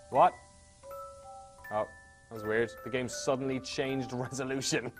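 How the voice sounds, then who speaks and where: A man's voice: mid-range voice, fairly even intonation, measured pace, long pauses, faint music behind. A man giving casual, wry let's-play commentary with swearing asides.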